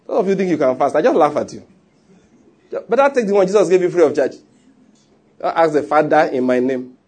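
A man's voice: on the high side, animated, a little fast, a little mellow, husky. A man preaching a sermon, emphatic and teasing, often repeating his points. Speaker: pastor.

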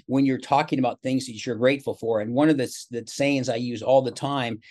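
A man's voice: mid-range voice, a little fast. Chatty older man telling stories. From Seattle, USA. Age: 60s. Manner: chatty, animated storyteller with quoted dialogue. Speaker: guest, motivational speaker. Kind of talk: casual interview storytelling.

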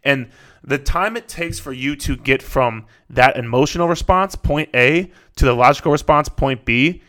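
A man's voice: mid-range voice, normal speed, pushed and bright. A man who is a fitness coach, talking on his podcast in a blunt, casual way, swearing often and repeating himself to drive the point home. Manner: blunt, profane, repetitive coaching talk.

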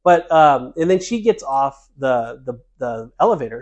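A man's voice: mid-range voice, brisk. Man telling a story on a podcast. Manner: animated storyteller, laughs while telling. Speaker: podcast co-host. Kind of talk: casual chat. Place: cruise ship.

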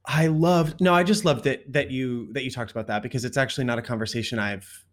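An eager male podcast host in casual conversation with his guest. He gushes openly and often trails into quick asides, with a middling voice. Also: medium pitch. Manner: gushing, eager. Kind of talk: casual interview chat.

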